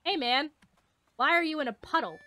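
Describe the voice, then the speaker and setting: A woman's voice: high voice, lively intonation, moderate pace, bright, forceful tone, no echo. A young woman doing playthrough commentary, playful and jokey, swearing freely and putting on silly voices as she reads the game's lines aloud. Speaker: let's player.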